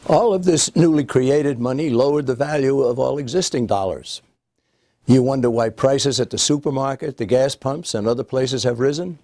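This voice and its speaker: A man's voice: medium pitch, a little mellow, no room sound. Earnest man narrating, dry and close. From United States. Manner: earnest, emphatic, lecturing. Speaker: political speaker and narrator. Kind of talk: scripted documentary narration.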